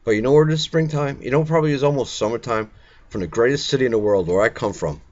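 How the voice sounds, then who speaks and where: An older man rambles and cracks jokes in a casual home video. His voice sits at an ordinary pitch. The recording is a bit dull and lo-fi. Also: quick pace, darkish tone. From Brooklyn, New York. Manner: joking, teasing, rambling banter. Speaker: vlogger.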